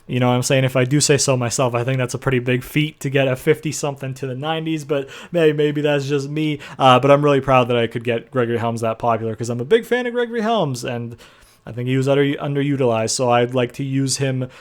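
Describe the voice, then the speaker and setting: A man's voice: medium pitch, fast. A young man casually recapping a wrestling game session, rambling with lots of fillers and the odd swear word. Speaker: gaming video host.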